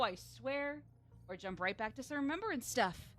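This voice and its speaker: A woman with a slightly high voice streams a game live and chats casually about it. She rambles through her asides and laughs often. Faint game music plays underneath. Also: expressive, normal speed.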